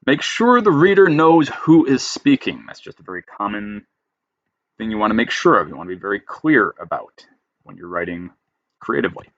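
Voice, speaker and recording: With big swings in his lowish pitch and a moderate pace, a man lectures on creative writing. He emphatically reads out a style rule, then explains it in plain terms; the recording is dry and muffled.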